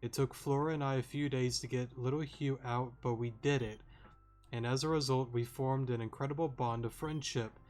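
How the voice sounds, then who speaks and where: A man reading aloud the lines of a remorseful young woman detective in a game, slow and earnest. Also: mid-range voice, steady tone, a little mellow, soft background music, close to an everyday voice. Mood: solemn.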